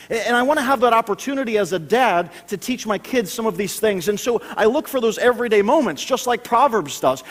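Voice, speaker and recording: A man's voice: sits high, in a large hall. A man in his thirties preaching a sermon, telling family stories with frequent stammered restarts.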